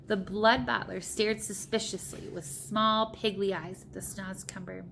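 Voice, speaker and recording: A woman reading a children's storybook aloud with steady, plain narration. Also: medium pitch, a little slow, vocal fry, hardly any pauses, a little hiss or hum. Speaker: reader.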